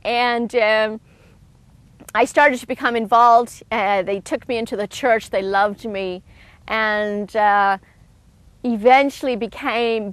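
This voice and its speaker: Middle-aged woman with a high voice telling her testimony with dry, close sound, earnest and a little halting. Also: no room sound. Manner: earnest and heartfelt, with halting restarts. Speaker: speaker giving a personal testimony. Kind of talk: emotional personal testimony.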